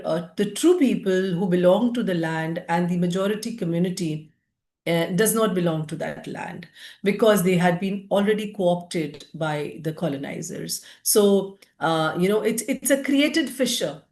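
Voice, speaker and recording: Woman, book review talk, mid pitch, hesitant, roomy echo. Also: normal speed, darkish tone. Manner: hesitant, many fillers and restarts. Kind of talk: lecture-style book review.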